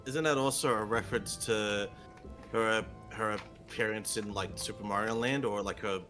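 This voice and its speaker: A man on a call with friends, talking slowly and haltingly, restarting his sentences often. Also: on the low side, fairly even intonation, sharp tone, soft background music. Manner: slow, halting, with many restarts.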